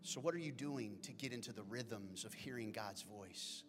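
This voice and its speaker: A pastor delivering a sermon, swinging from hushed whispers to loud exclamations. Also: male voice, fairly low pitch, normal speed. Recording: long hall reverb with faint music.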